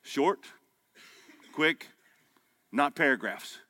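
Male pastor, bright forceful tone, folksy emphatic sermon delivery. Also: medium pitch, lively intonation, extremely slow. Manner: folksy, emphatic preaching, rising to loud peaks. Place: men's breakfast gathering hall.

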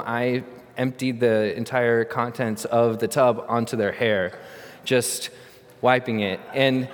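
A middle-aged man preaching a sermon, telling a funny childhood story with animation and then teaching earnestly. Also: mid-range voice. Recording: long reverb of a large hall.

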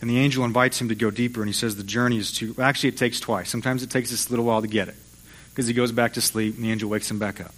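A man preaching as a pastor, retelling an old story with storytelling flair. He speaks at a middle pitch and slips briefly into the voices of the people he describes. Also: fairly even intonation, racing, fairly bright tone. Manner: storytelling, acts out voices of biblical figures. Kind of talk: sermon.

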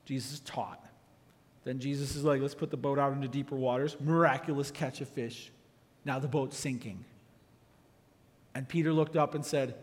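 A man preaching a sermon as pastor, animated and acting out quotes with sudden shouts. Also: mid-range voice, long reverb tail.

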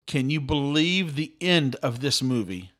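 A middle-aged man hosting a podcast in an animated, talkative way, often repeating and restarting his words. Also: medium pitch, measured pace. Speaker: podcast host. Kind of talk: excited casual chat.

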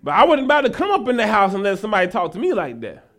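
Male pastor, very high voice, folksy sermon building to shouts. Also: wildly swooping pitch, rapid-fire. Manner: builds from casual asides to shouted preaching; folksy, talks to the congregation as y'all.

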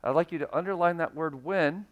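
A man's voice: fairly high pitch, brisk. A man preaching a sermon in a conversational way, reading scripture and now and then acting out quoted voices. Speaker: pastor.

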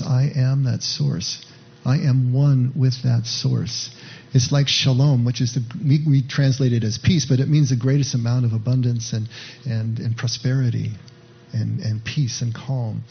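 Male pastor with a husky voice teaching a casual sermon that checks in with the listener. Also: mid-range voice, highs cut off. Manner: conversational teaching with frequent "right?" asides.

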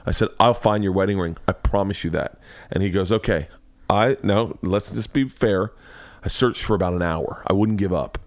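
A podcast host with a low-sitting voice tells a story at a moderate pace from his home studio man cave, with no room sound. He's loud and excitable, acting out quotes and swearing a lot in this animated storytelling.

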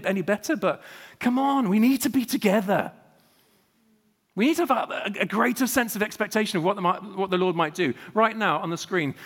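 Impassioned preacher in a reverberant hall. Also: male voice, high voice. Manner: animated storytelling, emphatic rhetorical questions. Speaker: guest preacher. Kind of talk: sermon.

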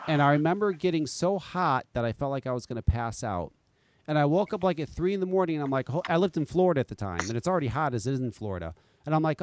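Male podcast host, animated swearing storyteller, higher-pitched, dry close mic. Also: fast, dry recording. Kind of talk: casual chat.

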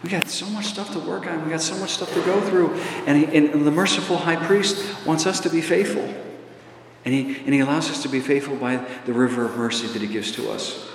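A man's voice: a little high, brisk. A man preaching a sermon in a large church, his voice swelling into emphatic runs and dropping back with filler uhs. The room is echoey with a long reverb tail. A faint hum of ambience sits underneath. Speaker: priest.

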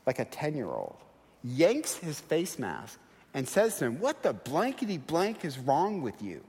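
A middle-aged man preaching a sermon, telling stories and acting out quoted voices in a lively, animated way. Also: on the high side, in a large hall. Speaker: guest preacher. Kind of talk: sermon with storytelling. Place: church sanctuary.

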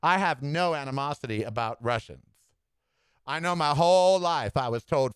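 A man hosting a solo podcast, giving sassy, animated political commentary with campy asides. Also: mid-range voice, normal speed, smooth, no echo. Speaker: podcast host.

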